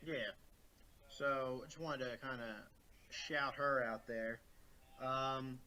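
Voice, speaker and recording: A man's voice: mid-range voice, steady tone, slow, pushed and bright. A man co-hosting a podcast, chatting casually about movies, rambling with lots of fillers and restarts over a remote call. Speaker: podcast co-host. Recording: remote call, poor audio.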